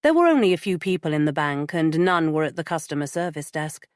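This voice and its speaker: A woman with a low voice narrates an audiobook from a script, keeping her storytelling measured and even. The recording is dry and of studio quality.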